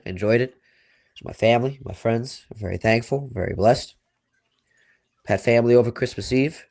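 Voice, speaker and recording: A man's voice: on the low side, a little mellow. A young man with a Long Island accent, co-hosting a sports podcast in casual, rambling chat full of "you know" and "like". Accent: Long Island New York. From Long Island, New York. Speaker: podcast co-host.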